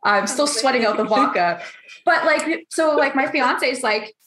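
A woman's voice: high-pitched, expressive, moderate pace, fairly bright tone, slight background noise. A blunt, candid woman in casual conversation, hungover, who swears freely and acts out what other people said. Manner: acts out others' lines in quoted voices. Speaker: roundtable guest. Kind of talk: casual chat. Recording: roomy echo.

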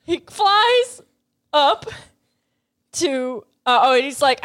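A woman's voice: sits high, big pitch swings, slow, long pauses, fairly bright tone, dry recording. A woman co-hosting a comedy podcast, recapping an episode in casual chat and acting out the characters' lines. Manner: recounts scenes by acting out lines in quotes. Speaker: podcast co-host.

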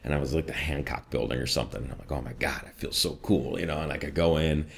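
A man with a slight Midwestern accent and an extremely low, deep voice tells stories in a relaxed interview. He is animated and laughs easily, jumping up in pitch whenever he quotes someone. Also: fast, gravelly. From US Midwest, Chicago northwest suburbs. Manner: animated storyteller, jumps high for quoted voices, laughs often. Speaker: voice actor and coach. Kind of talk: casual interview chat.

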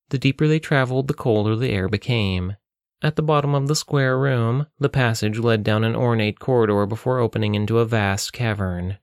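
Male storyteller, low voice, dry close recording. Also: clean tone, no echo. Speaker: narrator. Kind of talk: reading a story aloud.

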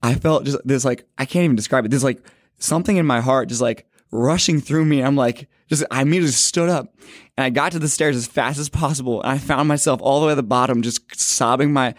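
A man's voice: medium pitch, no room sound, clean studio sound. A man of twenty casually telling his faith testimony. He rambles, fills his talk with "like" and corrects himself as he goes. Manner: rambling, heavy use of "like", quick self-corrections. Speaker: speaker sharing a faith testimony. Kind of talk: casual personal storytelling.

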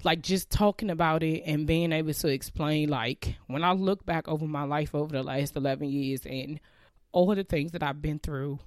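A woman's voice: low voice, steady tone, moderate pace, darkish tone, dry recording, studio quality. A woman in her thirties sharing a heartfelt, reflective personal faith testimony about leaving her job.

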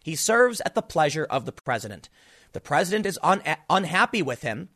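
A man's voice: fairly high pitch, big pitch swings, brisk, bright, forceful tone, slightly rough. A man delivering a solo political commentary monologue, emphatic and full of rhetorical questions.

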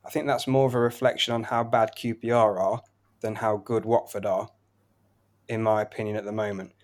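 A man's voice: fairly low pitch, flat delivery, fairly quick. A man co-hosting a betting podcast, giving football picks and reeling off results and prices in flowing runs. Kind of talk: casual betting tips chat.

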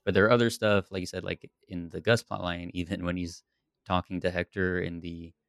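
A man's voice: sits low, fairly quick, vocal fry, clean tone, no echo, studio quality. A man co-hosting a podcast, chatting casually and laughing as he talks through a TV series. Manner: relaxed, laughs often, rambling. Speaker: podcast co-host. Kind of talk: casual chat about a TV series.

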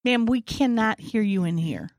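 A woman's voice: on the high side, expressive, normal speed, dry recording. A woman voicing a flustered, polite bank teller who cannot hear, in a whispered role-play. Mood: exasperated. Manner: polite and exasperated.

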